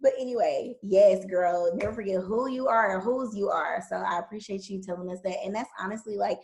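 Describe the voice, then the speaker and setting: Southern woman in her twenties, podcast host; gravelly, lively and quick to laugh in casual chat. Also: mid-range voice, poor audio. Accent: Southern American. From American South. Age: 20s. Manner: animated, emotional, laughs easily.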